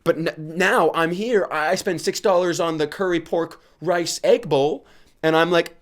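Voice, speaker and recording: A man's voice: fairly high pitch, unhurried. A man hosting a casual solo podcast, tired and rambling, cracking self-mocking jokes and laughing at them. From United States. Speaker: podcast host.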